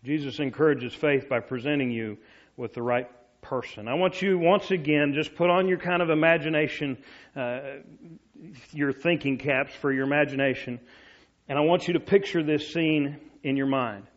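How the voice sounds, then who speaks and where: Man, preacher mid-sermon, vivid storyteller who sinks to a hush for quotes, somewhat high-pitched, lo-fi audio. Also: normal speed. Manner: storytelling, drops to a soft low voice for quoted words.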